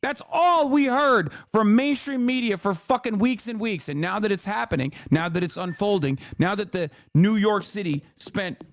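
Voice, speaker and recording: A man with a notably high voice delivers a furious, sarcastic political rant on his livestream, swearing freely and snapping at viewers in chat. He speaks into a close desk mic in a dry, dead room at home. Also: moderate pace, hardly any pauses, no echo. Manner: angry, profane, sarcastic; talks back to chat.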